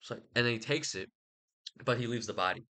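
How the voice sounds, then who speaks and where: A man's voice: medium pitch, quick pace, bright, forceful tone. A young man rambling casually about a book he read, slangy and profane. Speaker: host.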